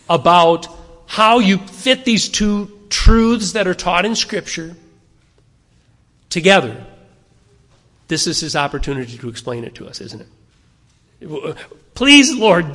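A male pastor delivering a sermon with a slightly higher-than-usual voice, warm and conversational yet earnest. He keeps firing rhetorical questions at his listeners and doubles back on phrases for emphasis. His voice carries a long reverb from a church hall. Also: expressive, takes it slowly, long pauses. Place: church sanctuary.

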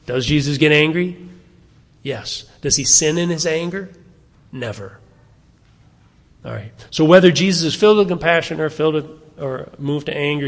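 A man's voice: medium pitch, creaky, in a large hall. A man preaching and teaching through a Bible passage, chatting and putting questions to his listeners. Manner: conversational, asking the listeners questions.

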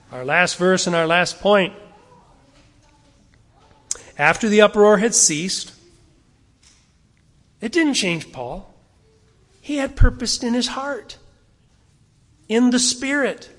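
A man's voice: sits high, lively intonation, slow pace, long pauses, fairly bright tone, long reverb tail. A male pastor delivering a sermon to his congregation, exhorting them earnestly and asking rhetorical questions.

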